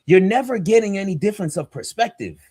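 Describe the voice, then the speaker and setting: A man's voice: high voice, animated, fast, a little mellow, breathy edge, dry recording, clean studio sound. A man, a pastor and podcast co-host, talking in a casual but preachy, emphatic and slangy way. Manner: emphatic and fired up, slangy and direct.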